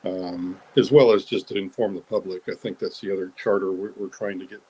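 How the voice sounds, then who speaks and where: A man with a low, husky voice talks through his answers slowly and with many ums. He stops and restarts often as he thinks aloud. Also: fairly even intonation, mellow, poor audio. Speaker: whistleblower guest. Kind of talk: casual talk in a live audio chat room.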